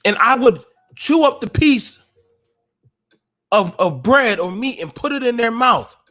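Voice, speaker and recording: A man's voice: extremely high pitch, expressive, a little slow. Impassioned man preaching on a livestream. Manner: preachy, emotional, rising to shouts. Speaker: podcast host.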